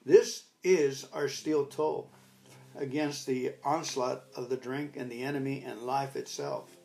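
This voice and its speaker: His mid-range voice is creaky and steady in tone, running a little slow. The older man gives a recovery talk, rambling casually and reflectively through a personal story, and he shouts loud commands when reenacting what happened.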